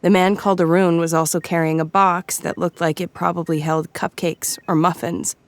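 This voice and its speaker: A woman giving measured, scripted audiobook narration. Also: on the low side, flat delivery.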